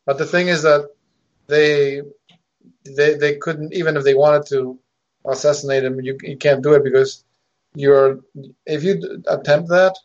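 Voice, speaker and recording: A man joining a casual chat by video call, halting and indignant, restarting his sentences often. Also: mid-range voice. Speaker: guest. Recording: muffled lo-fi call audio.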